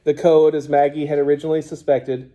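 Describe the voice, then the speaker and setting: Man reading a kids book out loud, mellow, slow and measured. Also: fairly high pitch, flat delivery. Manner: measured, storytelling. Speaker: narrator. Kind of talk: audiobook narration.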